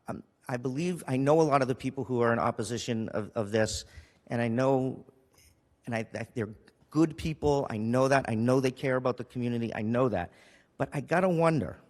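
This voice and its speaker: A city councilor speaking with emotion and frequent restarts during a council meeting. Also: male voice, medium pitch, in a large hall. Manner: emotional, pleading, with restarts and repetition. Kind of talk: impassioned council meeting speech. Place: council chamber.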